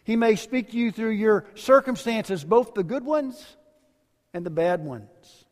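High-voiced pastor preaching in a reverberant hall. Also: male voice, lively intonation, a little slow. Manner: storytelling preacher, varies volume widely, drops to quiet endings. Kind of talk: sermon.

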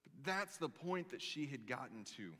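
A man in his thirties preaching a sermon, telling stories with lively, dramatic pauses. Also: mid-range voice. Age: 30s. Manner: animated storytelling, reads scripture aloud with dramatic pauses. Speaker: pastor. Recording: long reverb of a large hall.

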